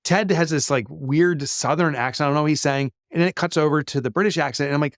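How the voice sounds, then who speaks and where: A man's voice: a little high, fast, few pauses, no echo. Chatty man with a dry sound. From United States. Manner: chatty, frequent fillers and restarts. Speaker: guest, business author. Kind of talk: conversational interview answers.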